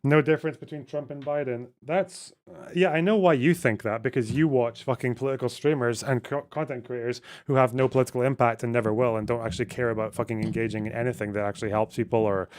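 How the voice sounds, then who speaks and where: A man's voice: mid-range voice, steady tone, quick pace, hardly any pauses, darkish tone. Blunt, swearing Scottish streamer man. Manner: blunt, profane, sarcastic. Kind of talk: casual livestream chat reading.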